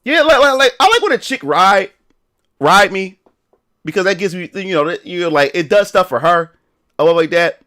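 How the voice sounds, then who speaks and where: A man's voice: high-pitched, animated, normal speed, pushed and bright. Rambling, slangy young man streaming. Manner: rambling, slangy, full of restarts and fillers. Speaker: live streamer. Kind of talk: casual livestream chat.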